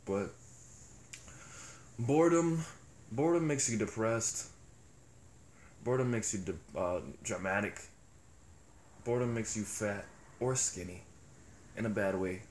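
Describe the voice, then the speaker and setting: A man's voice: on the low side, darkish tone, a little hiss or hum. Profane rambling man, echoey room. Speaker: vlogger. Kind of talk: casual monologue. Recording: echoey room with faint ambience.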